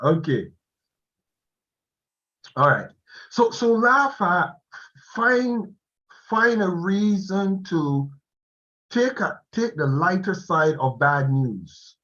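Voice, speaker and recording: Slow, animated man on a muffled video call. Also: high voice. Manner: slow, animated, laughs often. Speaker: speaker addressing an online class. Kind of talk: motivational talk on a video call.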